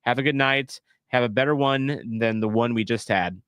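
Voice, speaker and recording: A man's voice: mid-range voice, moderate pace, fairly bright tone, clear, resonant tone, dry recording. A man hosting his fan channel, talking frankly and profanely in casual reaction chat, rambling and restarting his sentences. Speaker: channel host.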